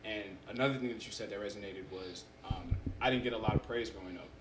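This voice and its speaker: Fast-talking young man, roomy sound. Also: on the low side, background noise. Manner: animated storyteller who acts out quotes. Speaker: podcast guest. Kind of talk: casual chat. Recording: roomy echo.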